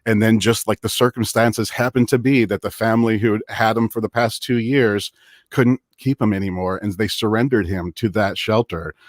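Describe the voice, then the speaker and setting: Chatty man with a low, dry voice. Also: moderate pace, dry recording. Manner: chatty, many "uh" fillers, excitable. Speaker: podcast co-host. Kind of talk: casual live-stream chat.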